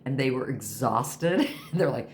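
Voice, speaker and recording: A woman's voice: rumbling low, animated, measured pace, slight background noise. A woman in her sixties chatting casually to camera at home, rambling from one thing to the next. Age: 60s. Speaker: vlogger.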